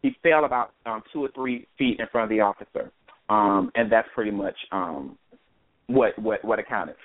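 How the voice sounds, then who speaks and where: A man's voice: on the low side, moderate pace, no echo. A man hosting a discussion, reading a news account aloud and commenting on it, with many hesitations and restarts. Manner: hesitant, with frequent fillers and restarts. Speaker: host. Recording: dry phone-line call audio.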